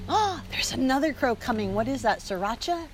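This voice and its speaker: A woman's voice: sits high, animated, a little fast, slight background noise. A woman hosting a podcast in casual, playful chat, laughing often, recorded outdoors at dinner. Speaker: podcast host.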